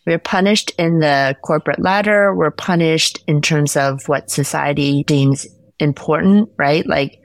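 A woman's voice: low-pitched, measured pace, no echo, studio quality. A woman speaking as a podcast guest in casual conversation, emphatic and opinionated, stacking her points through repetition.

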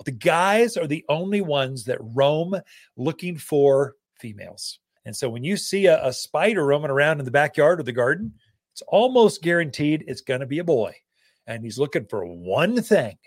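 Animated folksy man hosting gardening radio. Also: a little high, no echo, studio quality. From Arizona. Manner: folksy and animated, with many fillers and loose asides. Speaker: gardening radio show host. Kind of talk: casual storytelling on a radio talk show.

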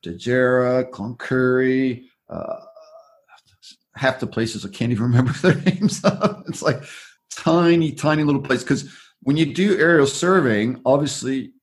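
An Australian man with an ordinary, mid-pitched voice, telling stories in a casual interview. He rambles and restarts often, winding his way through long explanations. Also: a little slow. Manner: rambling, loose storyteller with frequent restarts. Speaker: interview guest, former aerial survey worker.

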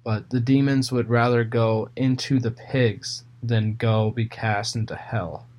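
A man reading Bible passages aloud and retelling them casually in his own words, with fillers and pauses. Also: mid-range voice, fairly even intonation, darkish tone. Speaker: Bible reader.

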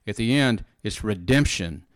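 A man's voice: lowish voice, animated, measured pace, no room sound. A man giving informal, earnest Bible teaching in conversation, repeating phrases and often saying "you know" and "amen".

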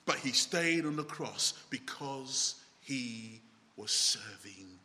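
A man preaching a sermon, dramatic, swinging between loud exclamations and hushed low asides. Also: lively intonation, slow pace, a little hiss or hum. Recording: long hall reverb.

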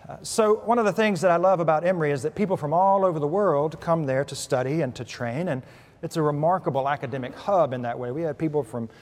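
A male pastor with a fairly high voice delivers a sermon, weaving humor into his storytelling. His voice rises and drops in volume as he works the congregation. The sound carries a long reverb from a large church sanctuary. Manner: storytelling with humor, lively shifts in pitch and volume. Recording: preached in a hall with long reverb.

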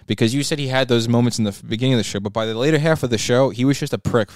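A man's voice: mid-range voice, rapid-fire, no echo, studio quality. A young man co-hosting a podcast, opinionated and swearing casually as he talks. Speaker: podcast co-host.

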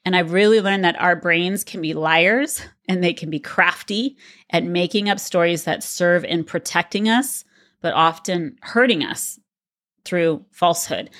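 A woman's voice: on the low side, a little slow, a bit bright. A middle-aged woman co-hosting a podcast, talking in a reflective, earnest way. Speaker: podcast co-host. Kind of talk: casual podcast conversation.

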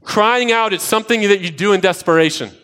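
Pastor, man, 30s, higher register, animated storyteller who builds to emphatic, repeated lines. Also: fairly quick, clean tone. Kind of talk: sermon with personal stories.

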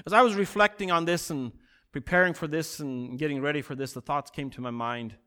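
Pastor guy preaching, high bright voice, earnest, slows way down to hit the big lines. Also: fairly even intonation, clean tone. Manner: earnest preaching, swelling louder on key phrases and slowing for emphasis. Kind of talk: sermon.

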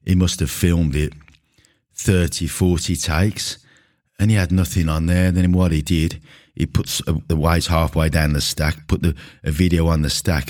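A middle-aged gym coach who also hosts a podcast rants casually to camera in a very deep, slightly mellow voice. He is blunt, indignant and sweary, recorded on a camera mic at close range.

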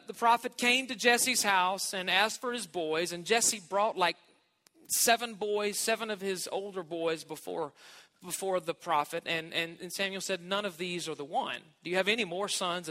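A man's voice: sits high, bright, forceful tone, long reverb tail. A man giving a sermon as a guest preacher, emphatic and stretching key words, with light joking asides.

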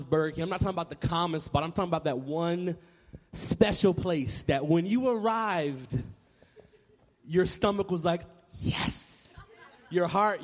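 Brief: a man, thirties, from Tennessee, lively storyteller to a crowd, high voice, long reverb. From Nashville, Tennessee, US. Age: 30s. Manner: animated, repeats words, acts out remembered voices. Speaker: public speaker. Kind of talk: storytelling speech to a live audience.

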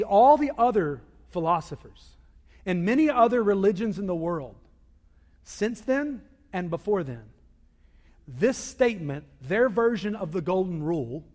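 A man preaching a sermon as a pastor, swinging from loud emphasis to quiet asides. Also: high voice. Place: church sanctuary. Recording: long reverb of a large hall.

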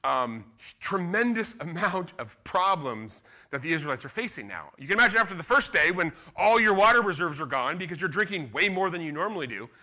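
Bright-voiced preaching pastor, man. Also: sits high, a little fast. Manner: animated, conversational preaching with acted-out quotes. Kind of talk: sermon.

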